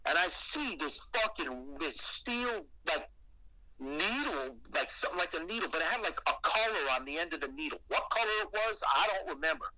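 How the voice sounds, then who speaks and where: A man's voice: a little high, animated, moderate pace, sharp tone, no room sound, low-quality recording. A man calling into a podcast to tell a frightening personal ghost story, profane and emphatic. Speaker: guest caller telling a ghost story.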